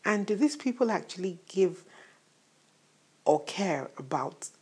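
A woman's voice: fairly low pitch, animated, measured pace, a little mellow, slightly rough. A woman preaching a morning sermon in a conversational way, full of rhetorical questions. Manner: conversational, asks rhetorical questions, laughs at times.

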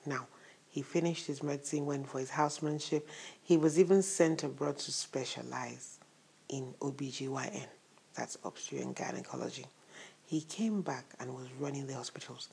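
A woman's voice: very deep voice, normal speed, vocal fry, a little mellow, slightly rough. A woman preaching a morning sermon in a conversational way, full of rhetorical questions. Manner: conversational, asks rhetorical questions, laughs at times.

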